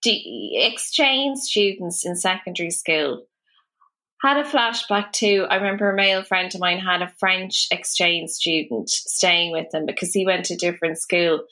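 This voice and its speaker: Bright-voiced Irish woman, chatty. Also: lowish voice, normal speed. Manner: chatty, storytelling, swears casually. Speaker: podcast co-host. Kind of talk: casual chat.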